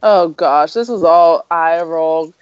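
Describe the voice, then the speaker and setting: A woman's voice: deep voice, slow pace, a little mellow, clear, resonant tone, no echo, muffled recording. A woman co-hosting a podcast in casual chat, laughing often and chiming in with asides.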